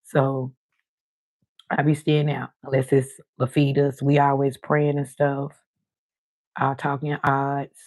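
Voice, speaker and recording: A woman's voice: extremely low pitch, takes it slowly, long pauses, no room sound. Casual nana live streaming, rambling storyteller, does little voices for folks in her stories. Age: older. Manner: chatty storytelling, animated quoted voices.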